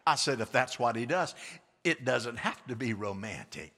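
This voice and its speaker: A man's voice: medium pitch, expressive, normal speed, sharp tone. A man preaching a sermon as pastor, calling on the congregation to answer and repeat after him. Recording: long hall reverb.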